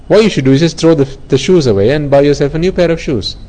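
A man's voice: on the high side, fast talker, hardly any pauses, mellow, poor audio. A man giving an earnest Buddhist dharma talk, explaining ideas through everyday examples and often repeating himself. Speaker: Buddhist teacher.

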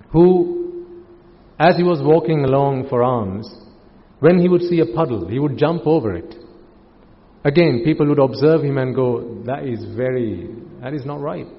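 A man, a Buddhist monk, giving a calm sermon full of rhetorical questions. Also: fairly high pitch. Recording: muffled, with long hall reverb.

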